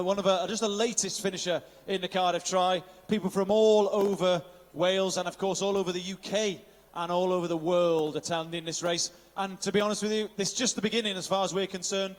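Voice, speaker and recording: A high-voiced man, sounding as though he's in a large hall, provides live event commentary at an outdoor triathlon finish. He's upbeat as he announces, interviews, reels off finisher names, and works in Welsh phrases.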